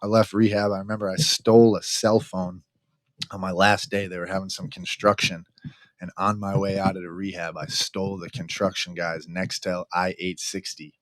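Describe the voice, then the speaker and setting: Middle-aged man, deep monotone voice, frank, profane, casual storyteller. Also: moderate pace, dry recording. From Massachusetts, near Boston. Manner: frank, profane, says "man" after almost every phrase. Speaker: guest in recovery.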